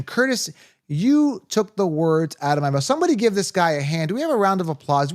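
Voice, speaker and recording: A man hosting a live fantasy football stream, excitably reading viewer comments and repeating himself for emphasis. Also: fairly high pitch, brisk, dry recording, studio quality. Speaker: fantasy football show host.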